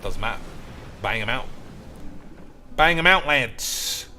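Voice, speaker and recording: Rowdy man, lively sing-song delivery. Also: takes it slowly, a little hiss or hum. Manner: rowdy, crude, keeps calling out to "boys"; swings into loud high outbursts. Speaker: streamer. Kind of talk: casual gaming commentary.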